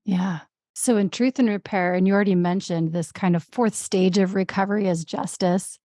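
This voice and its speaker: Female interviewer, mellow tone, close and dry. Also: mid-range voice, steady tone, moderate pace, no echo. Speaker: podcast host. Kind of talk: interview questions.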